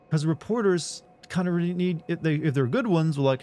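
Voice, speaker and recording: A man's voice: on the high side, quick pace, hardly any pauses, darkish tone. Sarcastic man ranting to his stream chat. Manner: incredulous and sarcastic, swearing freely, arguing with chat. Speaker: game streamer. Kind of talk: casual live-stream chat with viewers.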